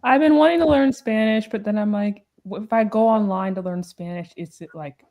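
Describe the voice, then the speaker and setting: A woman's voice: mid-range voice, a little fast, creaky, dull audio. A woman chatting casually on a podcast in a playful way. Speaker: podcast guest. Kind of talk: casual chat.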